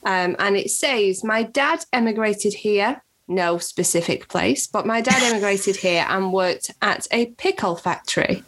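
A woman co-hosting a podcast in casual chat, blunt and quick to swear, reading out stories and laughing between lines. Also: mid-range voice, fairly bright tone, rough recording. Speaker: podcast co-host.

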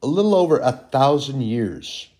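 A middle-aged man preaching a sermon and teaching from the Bible, talking conversationally with fillers and self-corrections, and swinging from soft asides to loud, rising proclamations. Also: medium pitch, lively intonation, normal speed.

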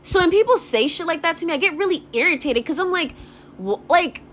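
A young woman ranting to camera in a high voice that rises and falls sharply. She fills her speech with "like" and curses freely as she gets worked up. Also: expressive, a bit bright, a little hiss or hum. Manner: rapid, profane, filler-heavy ranting with constant "like". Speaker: vlogger. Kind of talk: ranting vlog monologue.

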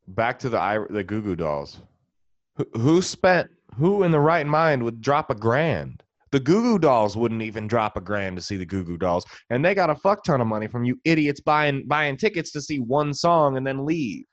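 A comedian and podcast host delivers a profane, sarcastic, exasperated rant in an expressive, medium-pitched voice at normal speed. The recording is dull, lo-fi, and dry, with no room sound.

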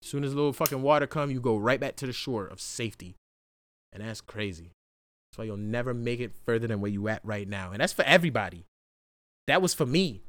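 A young man hosting a podcast, talking through a raw, profane solo monologue that swings from hushed to loud outbursts. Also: medium pitch, quick pace. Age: young adult. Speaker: podcast host.

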